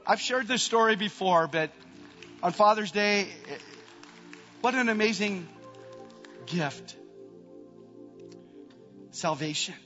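A middle-aged male pastor preaching in a church, his fairly high voice ringing out with a long hall reverb. The sound is a bit dull and muffled, with faint music underneath. He climbs to emphatic peaks, then sinks into quiet, tender prayer. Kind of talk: sermon.

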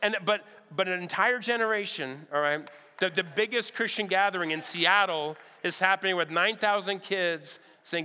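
A man telling a story during a sermon, animated and lively, acting out the lines of the people in his story. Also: high-pitched, moderate pace, smooth. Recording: long hall reverb.

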